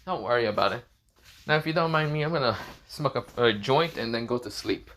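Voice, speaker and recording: A man's voice: mid-range voice, a little fast, fairly bright tone, close to an everyday voice. A man doing a cocky, laid-back young guy.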